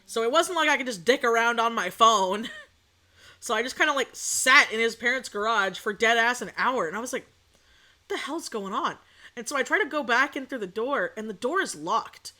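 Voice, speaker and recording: A young woman chats through a story for her stream, with a slightly high, bright voice. She swears freely and slips into the voices of the people she quotes. It is a casual, unscripted telling. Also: expressive, a little fast. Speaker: VTuber streamer.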